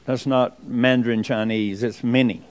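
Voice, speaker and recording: A man preaching a sermon, firing rhetorical questions and swinging from forceful to hushed. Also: medium pitch, flat delivery, normal speed. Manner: emphatic, rhetorical questions, sudden drops to quiet.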